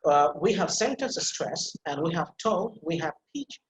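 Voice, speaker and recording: A man's voice: on the high side, expressive, echoey room, poor audio. Bangladeshi man teaching pronunciation. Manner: repeats words slowly for drill, explanatory. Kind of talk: online lecture over slides.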